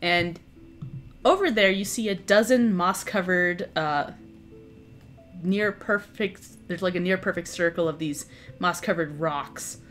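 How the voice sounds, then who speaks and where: Woman DM, easygoing descriptive narration over soft music. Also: on the low side, unhurried. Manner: relaxed narration with fillers and laughs. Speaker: dungeon master. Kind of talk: narrating a tabletop game.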